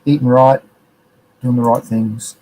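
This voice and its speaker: An Australian man hosts a live stream, chatting casually, rambling with slang and reading out chat messages. His medium-pitched voice is steady, unhurried and dark, and the recording is rough.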